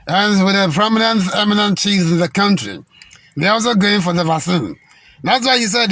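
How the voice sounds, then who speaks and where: Guy going off on politics, high voice, dry close sound, keeps restarting. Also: lively intonation, fairly bright tone, no echo. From Ghana. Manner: indignant, repetitive, halting restarts. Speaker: political commentator. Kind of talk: impassioned political rant.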